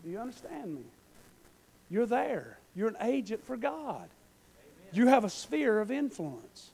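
A man preaching a sermon, swinging between loud shouted passages and quiet folksy asides. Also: extremely high pitch, big pitch swings, measured pace, creaky.

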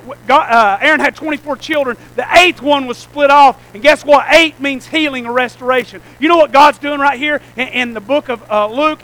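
A man's voice: very high voice, fairly bright tone, poor audio. A man preaching a sermon as pastor, calling out rhetorical questions to the congregation.

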